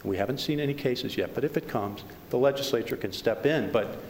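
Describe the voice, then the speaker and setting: A man's voice: medium pitch, fairly quick, a little mellow. A male attorney making an emphatic oral argument in court, hammering rhetorical questions and tripping over restarts. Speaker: attorney for the plaintiffs. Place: large courtroom. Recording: reverberant courtroom recording with faint noise.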